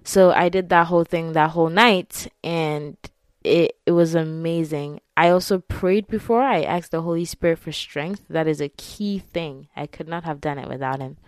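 A woman's voice: low-pitched, moderate pace, clear, resonant tone, no echo, clean studio sound. A young woman telling a personal story to her viewers in a candid, chatty way, with frequent laughs and filler words. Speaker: vlogger. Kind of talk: casual confessional storytelling to camera.

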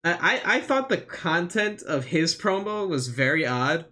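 Rambling and hesitant, with lots of fillers, a male podcast co-host chats casually through a wrestling recap. His voice is a little high, sharp in tone and very animated, though his pace is a little slow.

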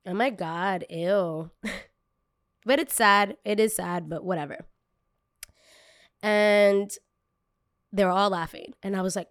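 A woman's voice: fairly low pitch, a little slow, no room sound, studio quality. Candid young woman telling a painful story. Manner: emotional, candid, lots of "like" fillers. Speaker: content creator. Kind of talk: personal storytelling.

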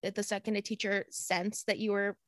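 A woman's voice: medium pitch, flat delivery, brisk, dry recording, studio quality. A woman comedian guest chatting on a podcast, laughing often and acting out quoted lines. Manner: giggly, acts out quotes in bursts. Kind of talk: casual podcast chat.

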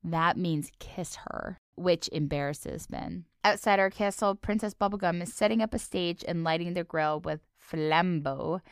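A woman's voice: on the low side, measured pace, few pauses, clear, resonant tone, dry recording, studio quality. A young woman co-hosting a casual podcast, recapping a cartoon episode with lots of laughter and silly joke voices. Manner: giggly, playful, does silly voices. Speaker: podcast co-host.

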